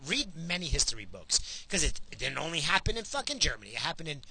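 A man's voice: fairly high pitch, fast. A man delivering a profane, heated political rant, worked up and swearing often. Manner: profane, heated, ranting then calmer.

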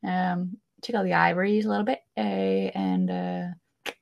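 A woman putting on a halting, filler-heavy attempt at an Australian surfer persona. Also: on the low side, steady tone, vocal fry, dull audio, pitched below the performer's own voice. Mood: bumbling.

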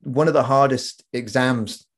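A man's voice: medium pitch, unhurried, slightly rough. A man chatting casually as a podcast co-host, telling stories and swearing freely. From England. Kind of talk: casual chat.

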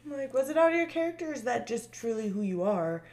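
A woman chatting casually about a reality show, excitable and gossipy, acting out what people said. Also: fairly high pitch, quick pace. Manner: excitable, gossipy, acts out quotes.

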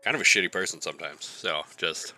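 A man's voice: low-pitched, fast, bright, forceful tone, no echo, faint music behind. A man in crude casual podcast banter, making dry self-mocking quips. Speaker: podcast co-host.

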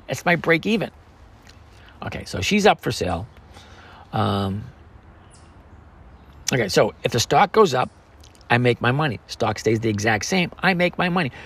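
A man's voice: medium pitch, fairly bright tone, husky. A man hosting a podcast, chatting casually and joking as he walks through the numbers of a trade. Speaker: podcast host. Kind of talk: casual trading talk.

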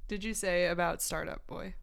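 A woman's voice: on the low side, steady tone, normal speed, vocal fry. Young woman, podcast co-host, casual chat, retells scenes with quoted lines.

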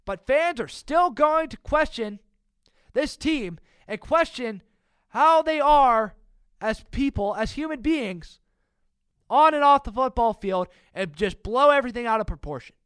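A man with a strikingly high voice hosts a solo sports podcast. He rants in an exasperated, heated way and breaks into loud outbursts. The sound is dry and close, with no room echo. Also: animated, unhurried, clean tone. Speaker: podcast host.

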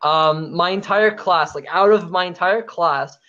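A man chatting casually on a dull, lo-fi voice chat mic, his voice a little high. He jokes around and hesitates with plenty of fillers. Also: a little slow, pushed and bright. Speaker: podcast co-host.

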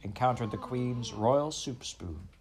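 A man reading a children's novel aloud, a measured storyteller who often speaks straight to the listener. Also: mid-range voice, music in the background. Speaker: audiobook narrator.

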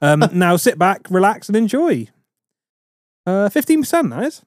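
A man's voice: sits high, very animated, normal speed, no echo. A man co-hosting a podcast in casual chat, laid-back and dry with the odd chuckle. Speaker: podcast co-host.

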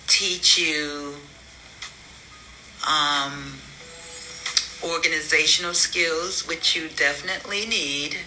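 A woman speaking as a mother, giving a slow, earnest farewell message while holding back tears. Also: fairly low pitch, sharp tone, slight background noise, poor audio. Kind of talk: heartfelt recorded message.

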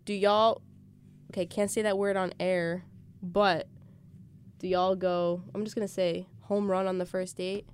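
A young woman hosts a relaxed podcast chat with a slightly low voice. She reads listener questions aloud and talks them over casually. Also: measured pace, a little hiss or hum. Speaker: podcast host.

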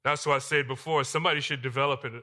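Impassioned male preacher with a bright voice. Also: mid-range voice, fairly even intonation, racing. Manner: impassioned, swings between loud emphasis and quiet asides. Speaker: pastor. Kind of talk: sermon. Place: church sanctuary.

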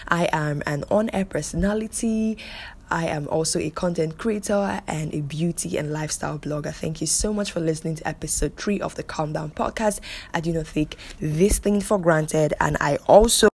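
A young woman hosts her podcast alone, scolding and insisting, saying things twice for emphasis. Her voice sits low and mellow, with a husky edge to it. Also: fairly even intonation, moderate pace. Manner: emphatic, scolding, repeats phrases for stress. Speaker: podcast host. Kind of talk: solo podcast monologue.

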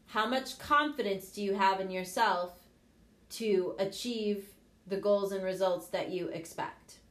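Frank middle-aged woman coach, echoey room. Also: mid-range voice. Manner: frank, lively, swears casually. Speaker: business coach and show host. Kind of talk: casual motivational talk.

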